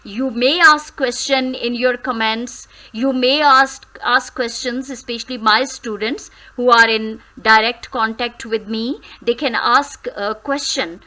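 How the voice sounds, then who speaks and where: Slow, bright-voiced woman teaching grammar. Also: a little high, poor audio. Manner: slow, careful syllable-by-syllable drilling; switches briefly into Hindi. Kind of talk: grammar lesson.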